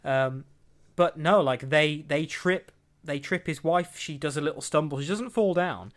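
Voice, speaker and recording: With a fairly high pitch and a measured pace, this young male podcast host chats casually about entertainment news. He rambles, laughs often, and gives the quotes an acted-out delivery.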